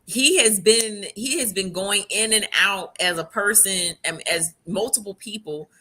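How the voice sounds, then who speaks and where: A woman's voice: medium pitch, measured pace, pushed and bright. A woman co-hosting a casual show review, talking animatedly with frequent laughs and fillers. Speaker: podcast co-host. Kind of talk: casual chat.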